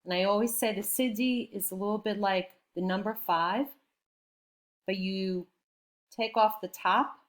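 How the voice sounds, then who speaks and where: Slow-talking woman teaching a class. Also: mid-range voice, steady tone. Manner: patient, explains step by step with check-ins. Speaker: French teacher. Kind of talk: classroom lesson.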